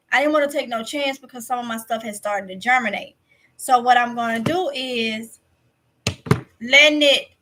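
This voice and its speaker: Bright-voiced woman with a Mississippi accent. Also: a little high. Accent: Mississippi Southern. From Mississippi, USA. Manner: chatty, repeats herself, talks straight to viewers. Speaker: livestream host. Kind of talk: casual livestream chat reading viewer comments.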